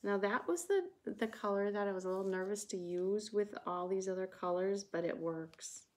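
A woman's voice: medium pitch, moderate pace, a little mellow. A woman with a Wisconsin accent hosting a casual livestream, chatting with viewers while she paints. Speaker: craft livestream host. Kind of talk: casual livestream craft chat.

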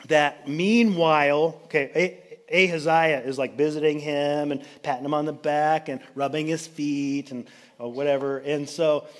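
Chatty man preaching a sermon. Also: fairly high pitch. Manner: chatty, jokey retelling with quick asides. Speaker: pastor. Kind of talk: casual storytelling sermon. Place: church sanctuary.

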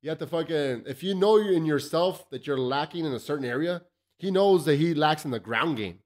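A man's voice: a little high, animated, fairly quick, a little mellow. A man from El Paso hosting a loose, profane podcast chat, telling stories and laughing often. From South Side El Paso, Texas. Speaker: podcast host. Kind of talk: casual chat.

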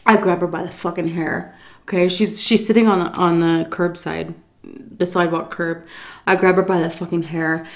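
A woman telling a story while eating, animated and profane, jumping into a high voice when she acts out quotes. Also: moderate pace, reverberant. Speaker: YouTube storyteller. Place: home, indoors.

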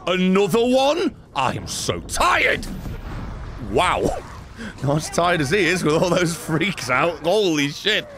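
A man giving sarcastic, excitable let's-play commentary, swearing often and talking back to characters in the game. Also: fairly high pitch, slow pace. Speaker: gaming streamer.

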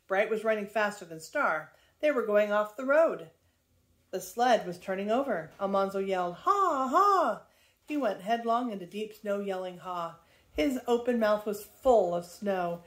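An older woman, a grandmother, reading a children's book aloud in a lively, expressive way. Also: medium pitch.

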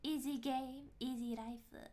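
A woman streaming a video game, playful and excitable, mixing in Japanese as she comments. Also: high-pitched, slow pace. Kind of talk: casual gameplay commentary.

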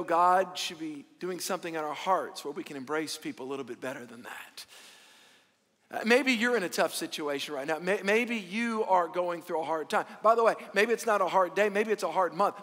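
A man's voice: high voice, expressive, normal speed, a bit bright. A man preaching a sermon as pastor, with a folksy, joke-telling manner. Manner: folksy storytelling with joke voices. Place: church auditorium. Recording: reverberant hall.

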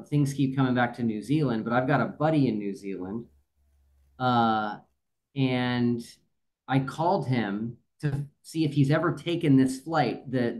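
A man's voice: medium pitch, darkish tone. A man reviewing a debate as a guest, explaining his point methodically in casual talk. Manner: methodical, walks through evidence step by step.

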